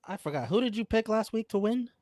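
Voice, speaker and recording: A man co-hosting a casual review show, talking in a lively way and laughing easily. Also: high voice, fast talker, no echo, studio quality. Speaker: podcast co-host. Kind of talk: casual wrestling review chat.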